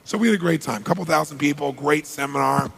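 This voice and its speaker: A man's voice: fairly high pitch, fast talker, gravelly, a bit bright, big-room sound, slight background noise. A man giving a motivational seminar, telling stories energetically, acting out dialogue and asking the audience questions. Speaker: motivational speaker. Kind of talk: live seminar storytelling. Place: large seminar hall.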